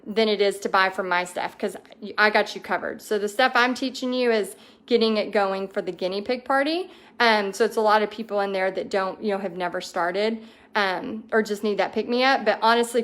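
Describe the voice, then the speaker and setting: A woman in her thirties hosts a livestream in a fairly high voice. She reads out viewer comments and answers them in a bubbly, enthusiastic, chatty way, with plenty of ums along the way. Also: a bit bright. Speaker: host of a paint party business livestream.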